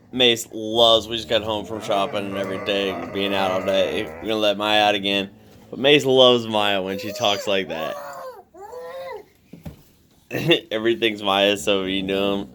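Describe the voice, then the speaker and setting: A man's voice: on the low side, flat delivery, moderate pace, a crowd in the background. A man making a casual home video, chatting easily and talking to his dogs in a playful sing-song voice. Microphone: handheld phone camera.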